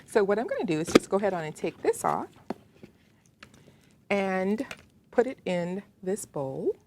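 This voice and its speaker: A woman's voice: mid-range voice, big pitch swings, a little slow, heavy background noise. A woman with a Southern American accent hosting a home cooking demonstration, chatting to the viewer as she works in her kitchen. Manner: chatty, talks to the viewer while working. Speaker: cooking show host.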